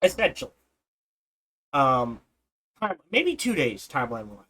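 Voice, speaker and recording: A man's voice: mid-range voice, very animated, unhurried, a bit bright, low-quality recording. A man in his forties giving casual, rambling gameplay commentary, often restarting and correcting himself. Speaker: let's play host.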